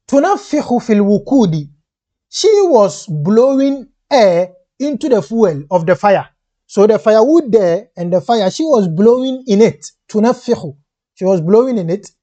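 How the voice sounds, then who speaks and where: A man teaching a lesson, reading each line of a classical text quickly and then explaining it slowly and patiently in English, with many restarts. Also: high-pitched, dark tone. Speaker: Arabic teacher.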